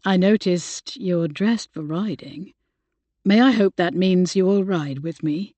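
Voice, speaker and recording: A woman voicing an earnest Regency gentleman who is no longer young, speaking softly and with heartfelt gentleness. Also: fairly low pitch, a little slow, dry recording, lightly acted. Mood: tender. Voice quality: soft and husky.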